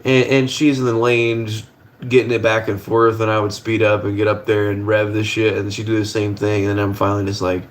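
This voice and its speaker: A man's voice: lowish voice, level tone, fairly quick. Laid-back young man chatting on a livestream. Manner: laid-back, rambling, swears casually. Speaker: livestream host. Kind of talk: casual livestream chat. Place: home kitchen at the stove.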